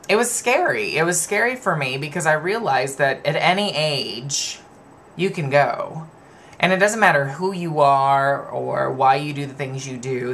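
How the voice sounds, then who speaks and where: A man's voice: mid-range voice, sharp tone. Candid rambling man telling stories. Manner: candid, rambling, laughs at himself. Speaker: vlogger. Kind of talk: personal storytelling to camera.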